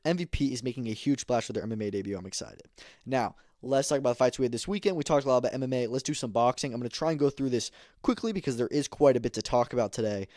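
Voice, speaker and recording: A man talks fast and emphatically as a podcast host, sharing blunt opinions on fights in a casual way. His voice sits at a middle pitch and sounds dry and close, with no room echo. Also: a little mellow. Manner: opinionated, emphatic, many fillers. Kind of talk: casual combat sports commentary.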